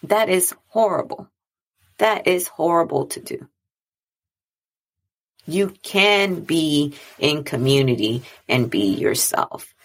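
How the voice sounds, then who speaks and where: Low, gravelly woman, earnest and conversational. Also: slow pace, pauses often. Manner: earnest, conversational, repeats phrases for emphasis. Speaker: speaker on mental health and boundaries. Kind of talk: reflective monologue.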